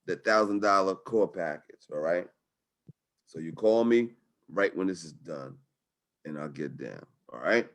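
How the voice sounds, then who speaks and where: A man's voice: deep voice, animated, unhurried, a bit bright. Slangy, hyped-up male webinar host. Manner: hype, slangy, upbeat. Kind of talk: live webinar sales talk.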